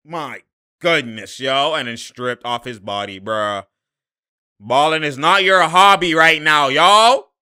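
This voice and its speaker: A young man reacting live to a basketball game, exasperated and slangy, laughing and shouting at the plays. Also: on the high side, slow, clean tone. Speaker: sports commentator reacting to a game.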